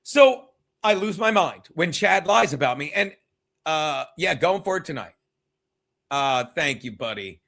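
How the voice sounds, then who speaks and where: A man hosting a casual livestream, rambling, laughing and losing his train of thought as he gives shout-outs to the chat. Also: on the high side, very animated, measured pace, gravelly. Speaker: comedian hosting a livestream show.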